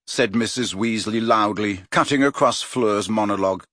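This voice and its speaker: A man narrating an audiobook in an expressive, measured way. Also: on the low side, no echo, clean studio sound. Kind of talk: scripted narration.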